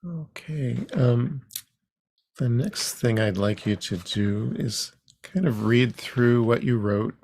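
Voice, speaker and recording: Slow, gravelly-voiced man teaching a class. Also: lowish voice, a little mellow, dry recording, clean studio sound. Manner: unhurried, halting with frequent ums. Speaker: comics workshop instructor. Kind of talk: teaching an online workshop. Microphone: video call.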